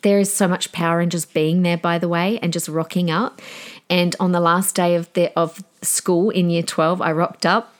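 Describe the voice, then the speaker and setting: Chatty Australian woman, fairly low voice. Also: level tone, moderate pace. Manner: chatty, earnest, rambling. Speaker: podcast host. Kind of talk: casual solo podcast talk.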